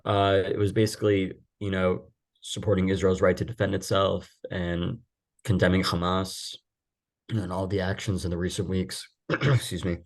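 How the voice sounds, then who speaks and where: A man on a podcast speaking in a halting, emotional way, with frequent restarts. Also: deep voice, flat delivery. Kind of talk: conversational podcast talk.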